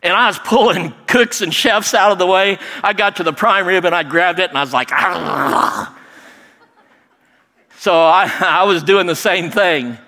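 A middle-aged man telling a personal story in a lively, animated way, acting out other people's lines. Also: high voice, normal speed, few pauses. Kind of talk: personal story told to an audience. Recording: long hall reverb.

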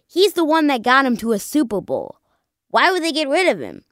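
A woman co-hosting a casual sports chat, animated and dramatic as she talks through the week's games. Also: high-pitched, brisk, no room sound, clean studio sound. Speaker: sports podcast co-host.

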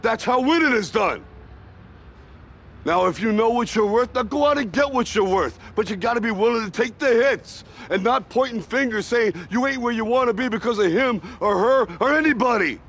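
An actor playing an aging boxer who lectures his grown son in blunt street talk, shifting from loud push to hushed tenderness. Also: extremely high pitch, moderate pace, heavily acted. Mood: stern, forceful. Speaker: film clip.

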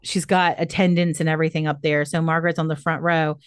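A woman's voice: low-pitched, level tone, quick pace, clear, resonant tone, no echo, studio quality. A young adult woman co-hosting a podcast, casually retelling history and leading the story with frequent "um" and "I mean". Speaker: podcast co-host.

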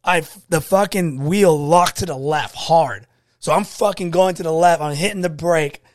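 Profane, animated man telling stories. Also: fairly high pitch, moderate pace, no room sound, studio quality. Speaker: podcast co-host. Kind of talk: casual podcast chat.

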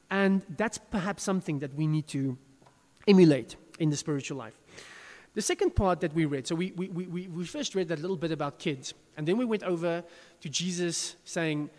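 A man's voice: high-pitched, lively intonation, brisk, darkish tone, in a large hall. A pastor preaching a sermon to his congregation, chatty and self-deprecating, with frequent restarts.

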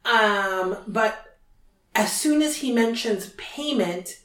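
A woman hosting a podcast, casually retelling a book chapter in chatty, animated fashion. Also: on the high side, slow. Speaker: podcast host. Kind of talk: casual book recap chat. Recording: roomy, distant from mic.

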